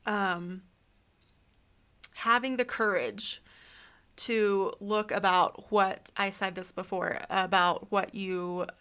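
A woman's voice: mid-range voice, steady tone, takes it slowly, bright, forceful tone. A woman giving a reflective spiritual self-help talk, asking the listener many questions in an earnest way. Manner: uses fillers like um and you know. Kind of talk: solo spiritual talk, podcast-like.

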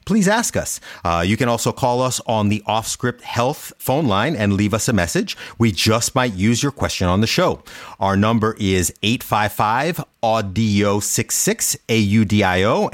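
A man's voice: mid-range voice, dry recording, studio quality. A male doctor co-hosting a podcast, explaining in an easygoing way. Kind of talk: casual chat.

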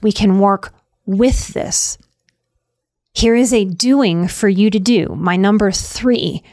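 A woman giving a self-help talk on anxiety, slow and soothing, repeating key phrases with emphasis. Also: mid-range voice, darkish tone, no echo, clean studio sound.

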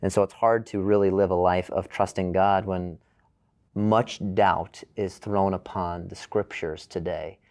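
Casting: very deep-voiced male podcast host, earnest, close dry mic. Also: flat delivery, unhurried, a little mellow, dry recording. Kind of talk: podcast intro and interview questions.

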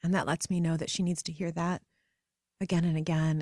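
A woman in her thirties hosting a podcast, speaking in a gentle, reflective way and dropping to soft whispers at tender moments. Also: low-pitched, little pitch movement, fairly quick, dry recording, studio quality. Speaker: podcast host and coach. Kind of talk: guided reflective talk.

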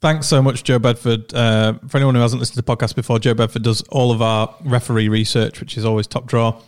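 A man's voice: medium pitch, little pitch movement, quick pace, clear, resonant tone. A man hosting a casual football fan podcast, chatty and teasing, steering the topics. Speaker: podcast host.

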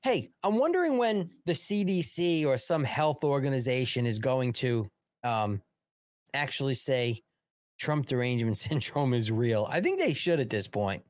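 A man's voice: mid-range voice, lively intonation, moderate pace, dry recording. A man hosting a political live show, ranting in a heated, sarcastic and profane way. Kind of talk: political commentary livestream.

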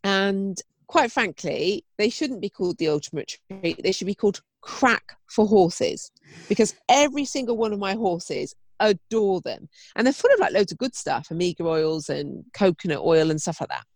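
A woman's voice: mid-range voice, animated, normal speed, no room sound. A woman co-hosting a podcast, chatting enthusiastically. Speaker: podcast co-host. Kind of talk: casual chat.

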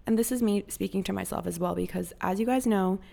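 A woman's voice: medium pitch, quick pace, vocal fry, dark tone. A young woman from Costa Rica hosting a podcast, giving casual motivational advice in a frank, profane, pep-talk manner. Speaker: podcast host.

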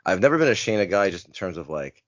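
A man co-hosting a podcast, with a very low voice. He speaks haltingly, restarting his sentences often. The recording is dull and lo-fi, close and dry. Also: sing-song, dry recording. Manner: halting, many false starts. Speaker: podcast co-host. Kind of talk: casual podcast chat.

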